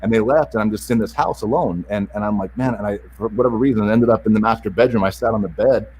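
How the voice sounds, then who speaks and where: His voice fairly low, a little mellow and edged with breathiness, this self-help author shares a painful chapter of his life while a guest on a podcast. He comes across as sincere and visibly moved, faltering through frequent restarts and repeated words.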